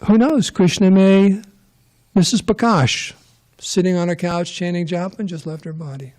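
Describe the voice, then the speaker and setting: A man's voice: sits high, animated, moderate pace. A man giving a casual scripture class, rambling and joking with digressions. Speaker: temple class speaker.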